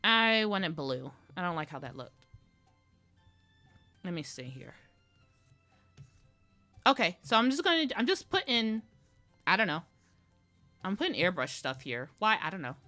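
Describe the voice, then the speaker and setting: With soft music underneath, a woman with a low-leaning, very animated voice draws digitally on a live stream, speaking at a measured pace with frequent pauses in a bright, forceful tone. Her chat is casual and playful, a rambling self-talk through each step.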